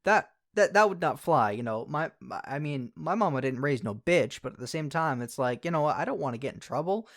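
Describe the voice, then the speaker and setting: A man's voice: fairly high pitch, expressive, fairly quick, few pauses, a bit bright. A young man casually telling a story from his school days for a vlog, rambling, swearing often and correcting himself mid-sentence. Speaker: YouTuber.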